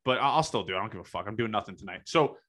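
Young male host, bright tense voice, blunt and profane. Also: fairly low pitch, expressive. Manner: blunt and profane, drawn-out phrasing. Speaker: podcast host. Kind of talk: casual podcast chat.

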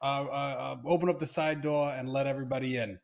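A man playing a tabletop role-playing game, hesitant and halting as he pitches ideas. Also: fairly even intonation, vocal fry. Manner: hesitant, lots of uh and restarts, laughing. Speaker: player. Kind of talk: casual game chat.

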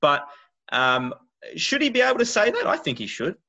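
A man's voice: high voice, huge pitch swings, normal speed, vocal fry, sharp tone. An Australian man co-hosting a podcast, talking emphatically and with strong opinions. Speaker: podcast co-host. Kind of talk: casual panel chat. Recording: muffled lo-fi audio.

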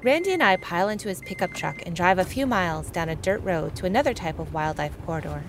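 A woman radio reporter narrating a news feature in a calm, measured, descriptive way. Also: fairly low pitch, noisy background. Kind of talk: scripted news narration and field interview.

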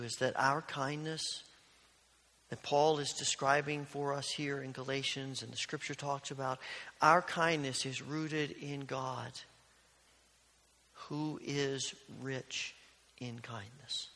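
A male pastor preaching a sermon, telling stories earnestly and dropping to a hush on key lines. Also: medium pitch, steady tone, unhurried. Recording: long reverb of a large hall.

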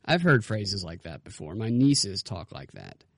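A man's voice: on the low side, big pitch swings, measured pace, creaky, fairly bright tone, dry recording, studio quality. A man co-hosting a political podcast, making his points with rhetorical questions. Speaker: podcast co-host. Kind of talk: casual political podcast chat.

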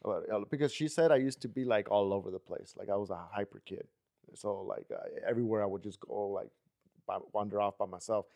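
A man's voice: on the low side, brisk, vocal fry, darkish tone, dry recording, studio quality. A young man chatting casually on a podcast, rambling through memories with lots of fillers. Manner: rambling, filler-heavy storytelling. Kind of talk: casual chat.

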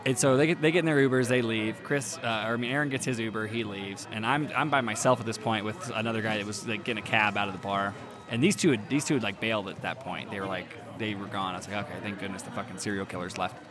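A man's voice: fairly low pitch, fast, a crowd in the background. A man telling a long story in casual chat, rambling and profane, often laughing.

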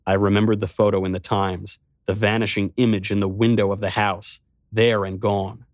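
A man's voice: on the low side, flat delivery, moderate pace, no echo, studio quality. A man giving a first-person scripted narration in a wry, dramatic storytelling manner.

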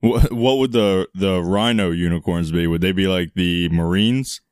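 A man with a lowish voice co-hosts a loose comedy chat, tossing out crude jokes and laughing often. The sound is close and dry. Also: moderate pace, clean tone, no room sound. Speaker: podcast co-host.

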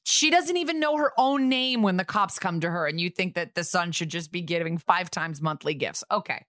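A woman co-hosting a podcast, recapping a TV episode in casual chat with sarcastic, quick asides. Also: lowish voice, expressive, a bit bright, no room sound, clean studio sound.

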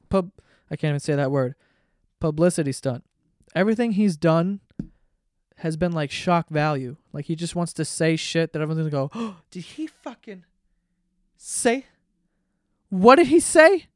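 Smooth-voiced man ranting profanely. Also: sits high, no room sound, studio quality. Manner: profane, sarcastic, rambling. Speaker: podcast host. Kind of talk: casual comedic rant.

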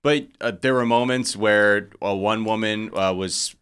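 Bright-voiced man telling a loose story. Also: lowish voice, measured pace, clear, resonant tone. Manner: loose, profane storytelling with filler words. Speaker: podcast host. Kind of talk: casual chat.

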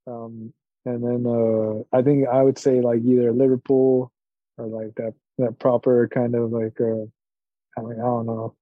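A man's voice: mid-range voice, level tone, a little slow, no echo. A man co-hosting a casual podcast chat, talking hesitantly with many fillers. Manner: hesitant, lots of fillers and trailing off. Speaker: podcast co-host. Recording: dull lo-fi mic.

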